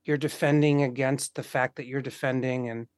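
A man's voice: medium pitch, level tone, moderate pace, no room sound, studio quality. A man in casual conversation, talking with passion, swearing freely and acting out the voices of people he quotes. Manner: impassioned, swears often, acts out quoted voices.

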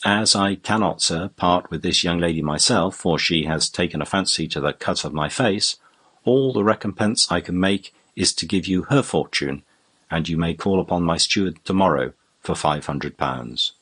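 A man with a low, husky voice reading the part of a generous, courtly baronet with a hearty, teasing manner. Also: normal speed, a bit bright. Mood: ardent. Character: genial, generous older baronet.

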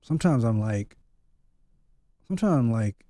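A man's voice: on the low side, animated, normal speed, long pauses, warm tone, dry recording, studio quality. A man in his thirties, a podcast guest, talking openly and reflectively in a candid personal conversation, thinking aloud as he goes.

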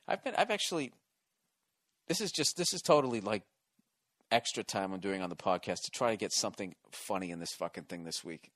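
A man's voice: fairly low pitch, animated, moderate pace, long pauses, a bit bright, no echo. Profane rambling male podcast host. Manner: profane, rambling and self-mocking. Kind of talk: solo comedic rant.

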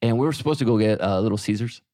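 A man's voice: fairly low pitch, racing, dry recording. Dry-sounding man telling a story. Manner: animated storyteller, quoting himself and his wife. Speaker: podcast co-host. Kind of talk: casual chat.

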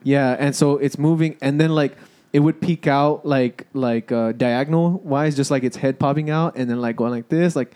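Rambling young man with a mellow voice. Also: mid-range voice, moderate pace, clear, resonant tone. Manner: rambling, cursing, hesitant restarts. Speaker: storyteller. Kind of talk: casual storytelling among friends.

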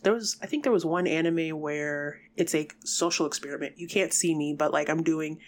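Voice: mid-range voice, normal speed. A podcast co-host in casual chat, blunt and emphatic, swearing freely.

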